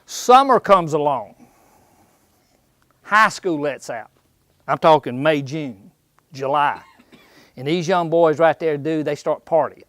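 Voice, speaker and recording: A man's voice: a little high, lively intonation, takes it slowly, long pauses, fairly bright tone, dry recording, clean studio sound. A man giving a folksy, jokey seminar in an indoor archery shop, quizzing the audience as he goes. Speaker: seminar speaker.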